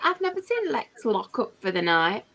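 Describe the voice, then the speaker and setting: Giggly high-voiced woman, bright and lively. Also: normal speed, creaky. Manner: giggly and playful. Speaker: show host. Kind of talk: casual chat.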